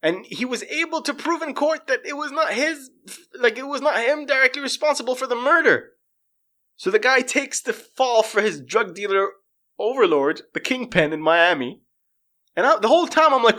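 A man on a casual livestream, ranting in an animated, profane way, his voice jumping up when he gets exasperated. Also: very high-pitched, normal speed. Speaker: streamer.

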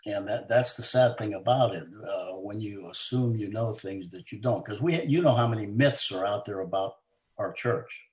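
A man speaking as an author and interview guest, earnest and halting, with frequent fillers and restarts. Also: on the low side, darkish tone. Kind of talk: conversational interview. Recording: roomy echo.

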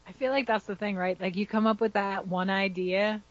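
A speaker joins in a casual hobby chat, quick to agree and laughing along. The voice is mid-pitched. The recording is dull and lo-fi. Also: steady tone.

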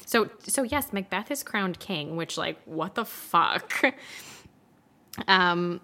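A woman co-hosting a casual podcast chat, recapping a film story with lively acted-out quotes, frequent laughs and casual swearing. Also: fairly low pitch. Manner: animated, acts out characters in quick quotes, laughs often, swears casually. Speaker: podcast co-host.

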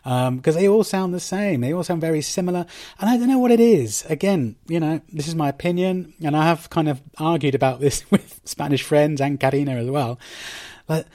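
A man's voice: a little high, a little fast, mellow, no room sound, clean studio sound. A man hosting a podcast for Spanish learners, talking casually through wry, emphatic opinions with plenty of ums and self-corrections. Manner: chatty and rambling, with frequent ums and self-corrections; wry and emphatic, with mock outrage.

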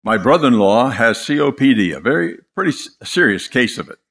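An older man preaching a sermon, impassioned and dramatic, telling stories with pauses for effect. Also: mid-range voice, very animated, a bit bright.

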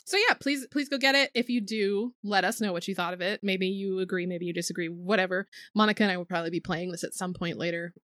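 A woman co-hosting a gaming podcast, chatting casually, animated and jokey, swearing now and then. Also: mid-range voice, quick pace, hardly any pauses, no echo, clean studio sound. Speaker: podcast co-host.

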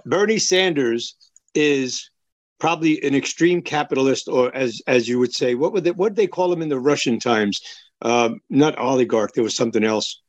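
A man's voice: mid-range voice, normal speed, dry recording, dull audio. Blunt opinionated male podcast host. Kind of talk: interview.

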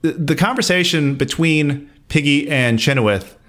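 A man co-hosting a podcast in casual, animated chat, laughing often. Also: moderate pace. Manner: animated, laughs often, rises in pitch when excited. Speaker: podcast co-host.

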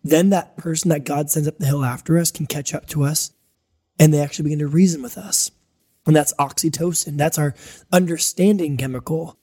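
Dark-voiced man preaching with animated stories. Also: fairly high pitch, fairly quick, breathy edge. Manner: animated storytelling, acting out voices. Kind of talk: sermon.

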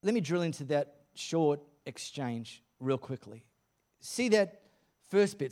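A man's voice: a little high, animated, takes it slowly, darkish tone. A male pastor preaching a sermon at a church service in a casual, joking, conversational way.

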